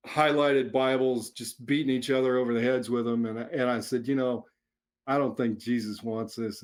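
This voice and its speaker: A middle-aged man, an author answering interview questions in a relaxed way, chuckling often and restarting his sentences as he rambles. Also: mid-range voice. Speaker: author guest. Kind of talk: casual interview chat.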